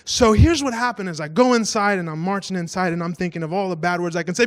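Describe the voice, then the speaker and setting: A man pastor giving a casual storytelling sermon, animated and self-mocking, acting out voices in his stories. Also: sits high, fast, few pauses.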